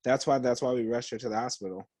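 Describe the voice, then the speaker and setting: A young man co-hosting a podcast talks fast in a mid-range voice with a darkish tone and no echo. He chats casually, telling a story with performed quotes, lots of slang, and free swearing.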